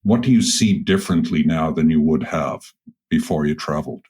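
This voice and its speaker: A man with a very deep voice co-hosts a podcast. He talks in a measured, thoughtful way and builds long, reflective questions before handing them over to his guest. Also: a little mellow, breathy edge. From Ireland. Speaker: podcast co-host. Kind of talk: reflective interview talk.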